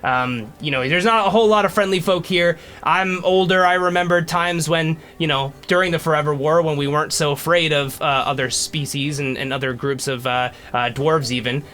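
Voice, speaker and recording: A man voicing a frail, kindly old male dwarf who is hard of hearing, speaking in a halting, stammering way. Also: fairly high pitch, steady tone, bright, forceful tone. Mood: friendly.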